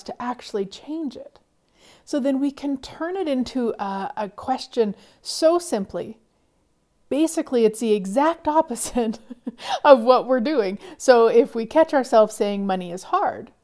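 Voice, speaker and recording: A middle-aged woman coaching listeners about money, soft-spoken, sighing often and dropping to whispers. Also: fairly high pitch. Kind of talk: motivational talk.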